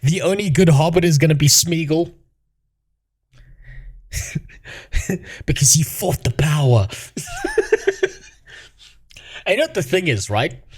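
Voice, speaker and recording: Brief: animated male host, higher voice, rambling and mocking rant. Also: takes it slowly, long pauses, breathy edge. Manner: mocking, laughs often, rambling. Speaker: streamer host. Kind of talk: casual rant.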